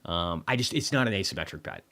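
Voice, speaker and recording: A man reviewing markets on a casual livestream speaks fast and animatedly, his low voice pushed and bright. He talks bluntly with lots of swearing and dry sarcasm, rambling through restarts and side remarks.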